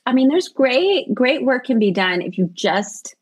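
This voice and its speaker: A woman's voice: high voice, very animated, a little slow, slightly rough. A woman, chatting in an interview as the guest, laughing often and telling stories with animation. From American South. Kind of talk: casual interview chat.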